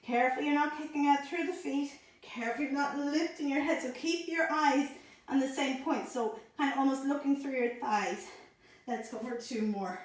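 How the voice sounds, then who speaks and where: A woman instructor guiding a pilates abs workout, calmly cueing each breath and movement, a little out of breath. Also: sits high, normal speed. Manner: calm, encouraging, counts breaths and cues. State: slightly out of breath. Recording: echoey room.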